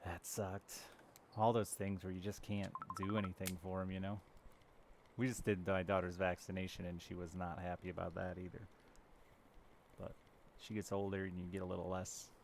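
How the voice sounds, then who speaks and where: A man's voice: low voice, level tone, normal speed, gravelly, slight background noise. A man in his thirties chatting casually and candidly with viewers while streaming a game, swearing now and then. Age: 30s. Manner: chats with live viewers. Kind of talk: casual chat while gaming.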